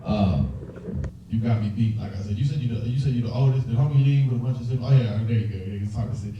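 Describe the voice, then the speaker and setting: A man's voice: medium pitch, fast, recorded from a distance, lo-fi sound, slight background noise. A young man doing a stand-up set, telling family stories, acting out voices and chatting with the crowd. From Dominican family. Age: young adult. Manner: animated storytelling, acts out voices, chats with the crowd. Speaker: stand-up comedian. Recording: echoey hall, mic heard from afar. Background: audience laughter.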